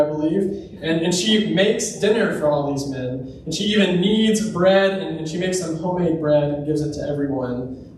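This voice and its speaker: A man's voice: on the high side, a little hiss or hum. A man giving a sermon in a church, retelling a story in a conversational way with personal asides. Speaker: preacher. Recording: very echoey room, distant mic.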